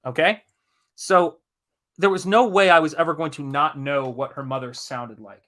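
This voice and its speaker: Animated male streamer, slightly high voice. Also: normal speed. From Southern United States, Tennessee. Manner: animated, emphatic storyteller who reads out chat comments and swears when worked up. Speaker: live-stream host and comic artist. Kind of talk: casual live-stream chat and storytelling.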